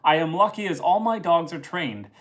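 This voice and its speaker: A man's voice: fairly high pitch, expressive, moderate pace, a bit bright. A man from northern Canada hosting a casual homestead live stream and reading viewer comments aloud in an easygoing way. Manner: easygoing, reads out chat messages.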